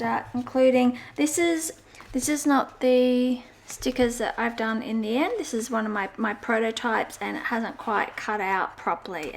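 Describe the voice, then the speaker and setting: A woman's voice: mid-range voice, a little hiss or hum. A woman chatting casually while decorating a journal, meandering through her thoughts with fillers and self-corrections in a sing-song way. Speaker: journaling vlogger. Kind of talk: casual crafting chat.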